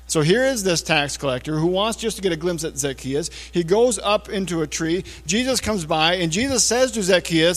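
Male pastor, slightly high voice; casual, chatty sermon delivery that sinks to a near-hush on key points; recorded with long church reverb. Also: a little fast, hardly any pauses. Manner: casual, talks to listeners with frequent checks like "okay?" and "all right?"; often drops to a low, hushed voice for emphasis. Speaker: preacher. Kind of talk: conversational sermon. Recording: long reverb of a large hall.

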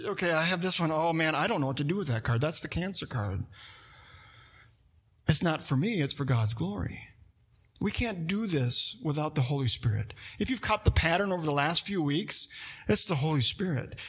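A man preaching a sermon, animated, reading scripture aloud and talking through a card-game illustration. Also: a little high, husky. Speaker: pastor.

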